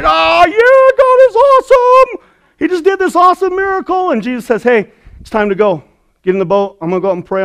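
A man preaching a lively, conversational sermon, often checking in with the congregation. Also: high-pitched, smooth. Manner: energetic, conversational preaching with frequent "right?" asides. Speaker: pastor.

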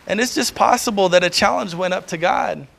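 A man's voice: high-pitched, fairly quick, gravelly, fairly bright tone. A middle-aged man preaching a sermon in a conversational way, often chuckling and acting out the voices he quotes.

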